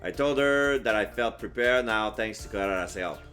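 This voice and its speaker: A streamer with a lowish, slightly bright voice reads a story game aloud at a moderate pace. His narration of the visual novel is earnest but lightly wry, with soft music playing behind him.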